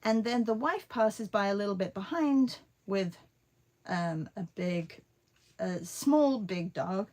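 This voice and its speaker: A woman's voice: medium pitch, lively intonation, slow, a little mellow. A woman who teaches art and vlogs tells a rambling, chatty story full of fillers while she paints.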